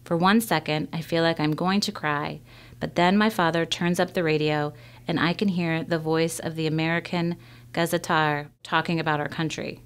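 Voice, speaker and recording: A woman reading a children's novel aloud in a measured first-person storytelling manner. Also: sits low, fairly even intonation, clear, resonant tone. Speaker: reader.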